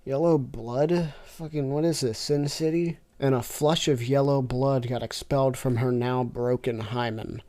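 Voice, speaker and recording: A woman reading weird fanfiction aloud with deadpan, sarcastic asides. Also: rumbling low, a little slow, hardly any pauses. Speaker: fanfiction reader. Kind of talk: comic reading with reactions.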